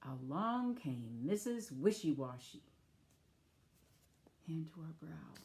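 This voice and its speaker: Low, gravelly-voiced woman reading to children. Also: big pitch swings, slow pace, pauses often, darkish tone. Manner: inviting, playful, acts out actions with sound effects. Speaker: children's storyteller. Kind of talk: reading aloud to young children.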